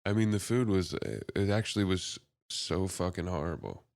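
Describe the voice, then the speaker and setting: Low-voiced dude cohosting a podcast, chill, lots of laughing, dry mic. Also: male voice, very animated, moderate pace, vocal fry, a little mellow, dry recording. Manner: laid-back, laughs often. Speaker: podcast co-host. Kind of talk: casual chat.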